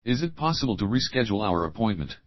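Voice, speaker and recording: A very animated man, his voice on the low side, is an English teacher reading example questions for learners. He speaks the opening words, repeating them, then the whole question, in a slow, clear drill. No room sound is audible, and the recording is muffled.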